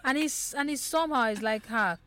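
A Nigerian woman hosting a radio talk show in a studio, chatting lively and speaking straight to her listeners. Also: medium pitch, brisk. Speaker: radio host.

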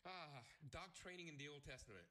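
Guest: middle-aged man, bright forceful voice, animated storyteller with frequent laughs. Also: on the high side, a little fast. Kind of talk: storytelling on talk radio.

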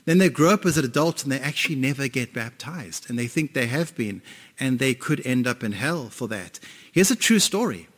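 A man's voice: mid-range voice, lively intonation, moderate pace. A male pastor preaching a sermon, emphatic, often asking the audience questions. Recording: long reverb in a hall.

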